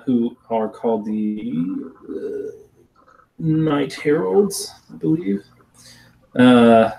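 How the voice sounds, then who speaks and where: A man's voice: mid-range voice, a little mellow, recorded from a distance. A man narrating a tabletop game as game master, hesitant and full of restarts, recording from a room at home. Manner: hesitant, many fillers and restarts.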